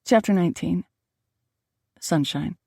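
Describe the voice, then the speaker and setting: A woman giving calm first-person audiobook narration in an even reading style. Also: on the low side, a little slow, gravelly, slightly rough, dry recording, studio quality.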